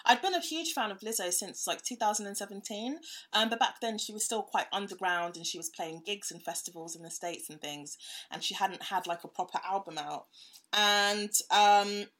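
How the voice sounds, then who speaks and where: A woman's voice: medium pitch, normal speed, fairly bright tone. A young woman recounts a story as an interview guest. She talks casually, peppering her speech with fillers and little laughs. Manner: chatty with many fillers and laughs.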